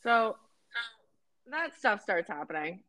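A woman's voice: medium pitch, sing-song, slow pace, pushed and bright, no room sound. A young Canadian woman with a Canadian accent, telling a story on a podcast in casual chat, swearing, laughing and acting out quotes. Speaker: podcast co-host.

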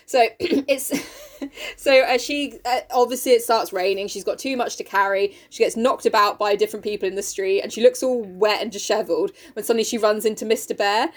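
A woman's voice: mid-range voice, brisk. A woman co-hosting a podcast, retelling a book in casual, sweary, giggly chat. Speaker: podcast co-host recapping a book.

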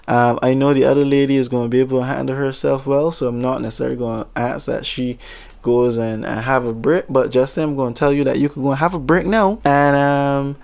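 A man voicing a flustered female supervisor who speaks hesitantly and reassures gently. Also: medium pitch, fairly even intonation, brisk, gravelly, lightly acted. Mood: soothing.

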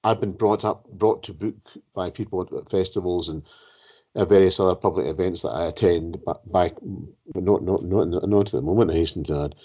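A man's voice: sits low, a little fast, dark tone, slightly rough. A man telling a rambling anecdote as a podcast host, often repeating words as he searches for them. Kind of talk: conversational anecdote. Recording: dull lo-fi sound.

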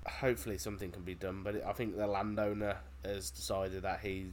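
A man, co-hosting a podcast, talking in a relaxed, rambling way. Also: deep voice, a little fast, a little hiss or hum. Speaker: podcast co-host. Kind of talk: casual podcast chat.

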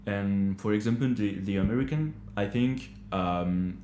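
Man with a French accent, hesitant, searching for words, low voice, slow pace, echoey room. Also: a little mellow, a little hiss or hum. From France. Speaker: guest. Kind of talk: casual conversation. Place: upstairs kitchen of a hostel.

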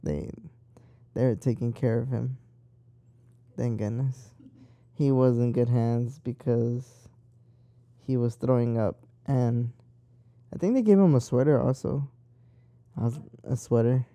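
A man's voice: medium pitch, slow pace, pauses often, warm tone, no echo. A young man chatting casually, rambling and swearing freely as he tells stories. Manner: rambling, profane and talkative. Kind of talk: casual chat.

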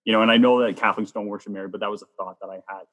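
A man from Canada sharing his personal faith testimony as a guest, telling it in a lively way that acts out what people said. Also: lowish voice, rapid-fire, long reverb tail. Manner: lively storyteller, acts out quoted lines.

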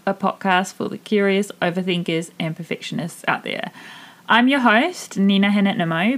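A woman's voice: fairly low pitch, moderate pace. A woman in her thirties from Germany with a New Zealand accent, hosting her own podcast in a candid, chatty monologue full of fillers. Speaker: podcast host and mindset coach. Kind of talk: casual solo podcast monologue.

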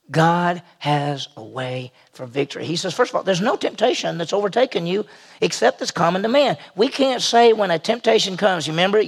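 A man's voice: sits high, gravelly, husky. A man who is a senior pastor, preaching a conversational sermon and acting out the people he quotes.

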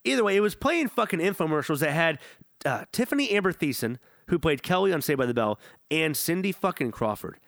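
A young man rattles off a profane, rambling story at high speed, his voice bouncing all over. He sits a little higher in pitch than most men. The sound is close and dry. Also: big pitch swings, a little fast, fairly bright tone, no room sound. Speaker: podcast co-host. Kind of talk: casual chat.

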